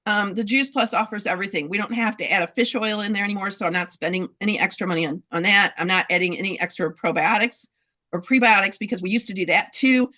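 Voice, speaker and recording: A woman telling a heartfelt story about her dogs' health, halting, with many fillers and restarts. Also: medium pitch, sharp tone. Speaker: dog breeder sharing a testimonial. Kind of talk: casual testimonial in a group talk.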